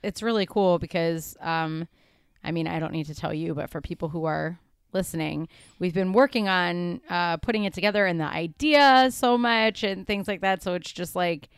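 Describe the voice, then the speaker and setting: Chatty podcast cohost lady, kinda low voice, super dry close sound, lots of ums and likes. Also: normal speed, clear, resonant tone, no echo. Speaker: podcast co-host. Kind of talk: casual podcast chat. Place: home.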